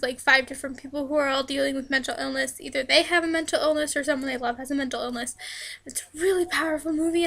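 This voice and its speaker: A woman's voice: sits high, creaky, bright, forceful tone. A young woman chatting casually as she answers fan questions in a vlog, often breaking into laughter. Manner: giggly, laughs often while talking. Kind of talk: casual chat.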